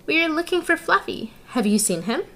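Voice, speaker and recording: A woman voicing an eager male lion detective who is crazy about food, with a slow, drawn-out, playful delivery. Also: high voice, very animated, a bit bright, voice pushed up, heavily acted.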